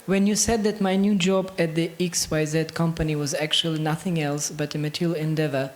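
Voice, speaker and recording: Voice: mid-range voice, fairly even intonation, brisk. A class participant carefully reading out a practice sentence about feeling hurt.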